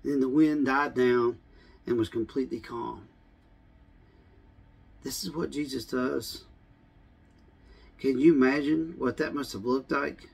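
A man's voice: medium pitch, steady tone, unhurried, gravelly, long pauses, a little mellow, breathy edge. A male pastor preaching a casual, conversational sermon, full of "I mean" and "you know.".

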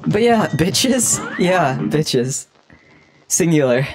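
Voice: medium pitch, lively intonation, extremely slow. A young adult game streamer giving casual live commentary, laughing often and swearing freely in a teasing way. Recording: game music behind the voice.

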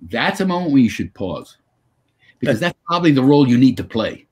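An older man with a husky, slightly breathy voice tells stories with a pitch that swings up and down all the time. He sounds like a guest on a video call, animated and anecdotal, answering an interviewer's questions. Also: a little fast. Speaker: guest actor.

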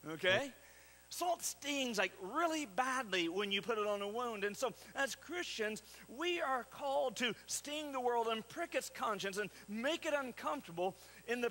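A man's voice: very high voice, sharp tone, low-quality recording. A man preaching a sermon as pastor, putting questions to the congregation and repeating phrases for emphasis. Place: church sanctuary.

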